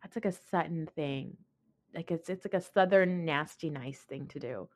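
A woman's voice: low voice, moderate pace. A young adult woman hosting a podcast, giving a blunt, opinionated recap in casual commentary and swearing freely. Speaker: podcast host.

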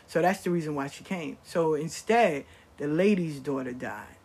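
Husky woman storyteller, profane and animated, loud one moment and murmuring the next. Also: moderate pace. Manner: profane, animated, swings between loud bursts and low murmurs. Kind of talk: storytelling talk.

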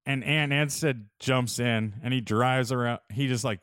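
Young man, casual storyteller, laid-back, smooth clear voice, dry close sound. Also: medium pitch, steady tone, normal speed, a bit bright, dry recording. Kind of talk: casual chat.

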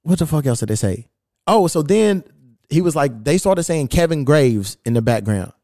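With a fairly high, expressive voice, a moderate pace, and a warm tone, this man tells a story on his podcast in casual chat. He swears freely and quotes messages aloud with amusement, recorded at studio quality with no room sound.

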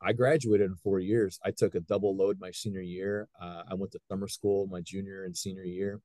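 A middle-aged man, a high school wrestling coach, telling stories in a casual interview with lots of restarts. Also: brisk, no room sound. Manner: animated storyteller, frequent restarts.

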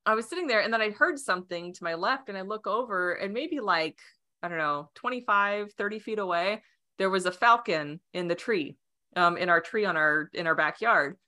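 A woman guest telling a personal story in casual chat, animated, with lots of "you know" and "like". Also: mid-range voice, moderate pace. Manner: animated, acts out quoted voices; many fillers like "you know" and "like". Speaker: podcast guest.

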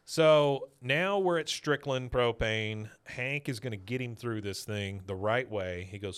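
A man's voice: lowish voice, fairly bright tone, smooth. A man co-hosting a podcast, casually retelling a cartoon episode and briefly slipping into voices for the characters' lines. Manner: acts out characters' lines in quick put-on voices. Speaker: podcast co-host recapping episodes. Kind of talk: casual chat, retelling scenes.

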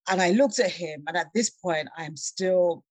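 Animated woman telling a travel story. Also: fairly low pitch, measured pace, no room sound. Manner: animated, laughing storyteller, acts out quoted voices. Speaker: guest. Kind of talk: storytelling in a conversation.

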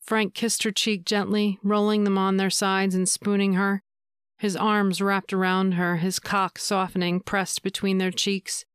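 A woman reads an erotic story in a steady, measured voice. Her tone is smooth and clear, of middle pitch, recorded dry and close with no room sound. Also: no echo. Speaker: audiobook narrator. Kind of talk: erotic audiobook narration.

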